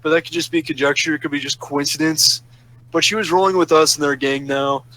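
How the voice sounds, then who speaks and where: Telling a long story about a roleplay server, this man rants casually and crudely, turning sarcastic and sometimes angry. His fairly high voice is pushed and bright, brisk with fairly even intonation, and the audio quality is poor.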